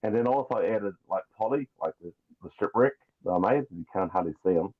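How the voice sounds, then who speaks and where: A rambling, jokey man with a New Zealand accent talks casually as a podcast guest. His voice sits on the low side. It comes through a thin, phone-like call connection. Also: expressive, a little fast, husky. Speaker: guest toy customizer. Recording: tinny phone-like call line.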